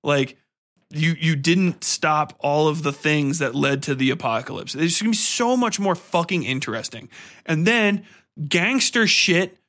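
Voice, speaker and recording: A man's voice: fairly high pitch, unhurried. A man hosting a podcast, giving a profane, rambling film review in casual chat, sometimes breaking into song. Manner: profane, rambling, animated storytelling with sung bits. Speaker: podcast host.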